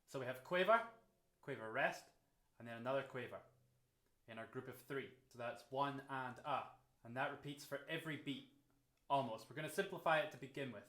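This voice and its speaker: A man, a drum teacher calmly explaining a groove and counting beats aloud. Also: medium pitch, brisk, pauses often. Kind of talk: instructional explanation. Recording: roomy echo.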